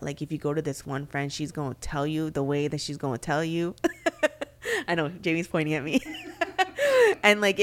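Earnest young woman on a faith podcast. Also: low-pitched. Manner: earnest, reflective, many fillers and restarts. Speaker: podcast co-host. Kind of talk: candid faith podcast chat.

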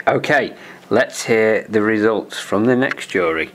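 A man hosting a podcast, chatting casually and briskly moving things along. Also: on the low side, expressive, a bit bright. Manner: brisk, moves the show along. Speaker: podcast host.

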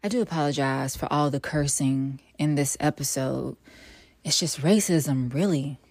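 A woman hosting her own podcast in a casual solo monologue, blunt and profane, swinging from weary sighs to sassy loud outbursts. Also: sits low, normal speed. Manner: blunt, profane and emphatic, with sudden loud bursts. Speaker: podcast host.

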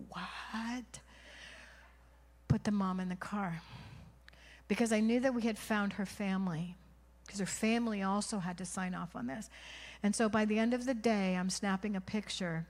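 A woman preaching a sermon, telling a story with strong emotion, dropping to hushed whispers and rising to loud cries. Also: medium pitch. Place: church. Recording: long hall reverb.

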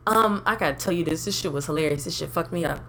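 A woman's voice: low voice, fast, pushed and bright, slight background noise. Blunt, profane young woman co-host. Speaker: podcast co-host. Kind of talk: casual chat.

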